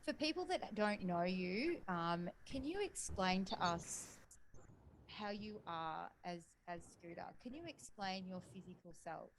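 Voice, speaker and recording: Low-voiced chatty Australian woman host. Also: lively intonation, a little slow, slight background noise, poor audio. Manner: chatty, rambling questions with fillers. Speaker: podcast co-host. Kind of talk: casual interview chat.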